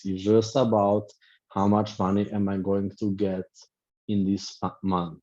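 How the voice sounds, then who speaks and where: A man's voice: on the low side, mellow. A middle-aged man, a life coach teaching an online class in short, reflective, repetitive phrases. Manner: speaks in short reflective phrases, repeats himself. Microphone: video call. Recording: dull lo-fi video call audio.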